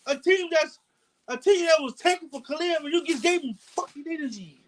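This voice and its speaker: A man's voice: extremely high pitch, a little fast, rough recording. A man ranting angrily as a football fan on his own video channel, cursing and stammering over his words. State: angry. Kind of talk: heated fan rant vlog.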